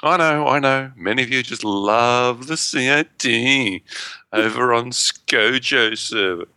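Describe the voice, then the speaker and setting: A man's voice: mid-range voice, slow, sharp tone, no room sound. A man co-hosting a gaming podcast in casual chat, playful and joking, correcting himself as he reads. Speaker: podcast co-host. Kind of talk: casual chat, reading listener email.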